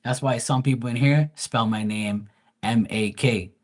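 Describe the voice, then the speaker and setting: A man's voice: medium pitch, steady tone, a little slow, low-quality recording. A man with a Bermudian accent, rambling and chatty as he talks casually with viewers on a live tarot stream, swearing now and then.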